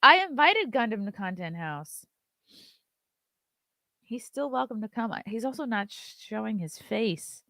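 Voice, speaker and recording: A woman's voice: fairly high pitch, very animated, measured pace, vocal fry, long pauses, sharp tone, no room sound, studio quality. A woman hosting a live-stream show, chatting loosely, reading viewer messages aloud and swearing casually.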